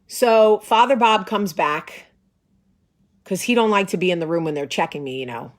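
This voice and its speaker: Animated sarcastic woman telling a story. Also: fairly low pitch, moderate pace. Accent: New Jersey. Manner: animated, sarcastic, acts out voices. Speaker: host. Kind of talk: casual storytelling.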